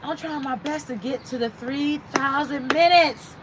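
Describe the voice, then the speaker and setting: A woman's voice: high voice, measured pace, background noise. A woman hosting a casual livestream, chatting and reading out viewer comments. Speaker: livestream host.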